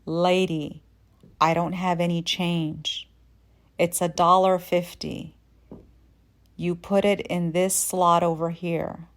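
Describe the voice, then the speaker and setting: Woman doing a gruff, sarcastic bus driver. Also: lowish voice, level tone, takes it slowly, pauses often. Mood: blunt. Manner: exasperated and blunt, then gruffly kind.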